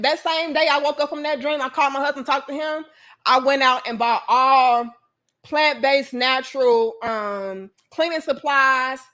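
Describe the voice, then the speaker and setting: A woman with a high, fairly bright voice hosts a casual livestream chat. She talks emphatically, using slang and swearing often.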